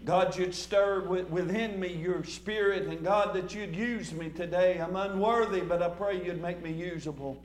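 High-pitched guy preaching, folksy, lots of uh and repeats, echoey church with a bit of hum. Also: normal speed, few pauses. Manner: folksy, repeats words and stumbles into fillers. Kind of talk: sermon. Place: church sanctuary.

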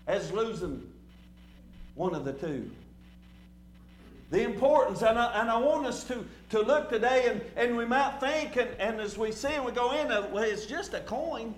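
High-voiced man preaching a folksy sermon. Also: animated, moderate pace, roomy sound, slight background noise. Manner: folksy, repeats words and stumbles into fillers. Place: church sanctuary.

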